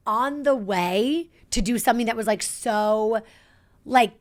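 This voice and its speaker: A woman in her thirties co-hosting a podcast, talking in a rambling, animated rush. Her voice sits a bit high, and she packs her sentences with "like" and restarts. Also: unhurried. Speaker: podcast co-host. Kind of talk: casual chat.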